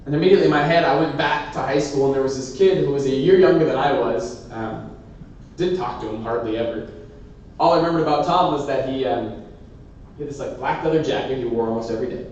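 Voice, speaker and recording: A man from Washington state giving a motivational keynote to a youth assembly. He tells stories in an animated, lively way and laughs often. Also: medium pitch, quick pace, muffled recording, a little hiss or hum. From Washington state, USA. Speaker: keynote speaker. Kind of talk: motivational storytelling speech. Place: large indoor assembly hall. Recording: very echoey hall, speaker far from mic.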